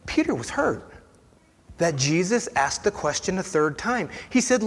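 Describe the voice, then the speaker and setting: A man preaching a sermon as a pastor, animated, acting out Bible scenes, swinging from loud outbursts down to whispers. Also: medium pitch, measured pace, long reverb tail, slight background noise. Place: church sanctuary.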